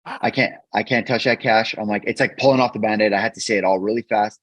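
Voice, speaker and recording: A man guest on a podcast, earnestly telling a personal story in a halting way, often repeating words when emotional. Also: fairly low pitch, fairly even intonation, fairly bright tone, no echo. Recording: dull, dry podcast mic.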